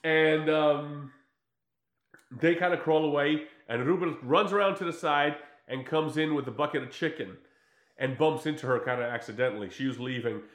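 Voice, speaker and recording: A man's voice: a little high, normal speed, echoey room. A man casually recapping a film in chat, telling it with energy and acting out the lines he quotes. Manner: animated storytelling with acted-out quotes, swears freely. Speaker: podcast co-host recapping a film.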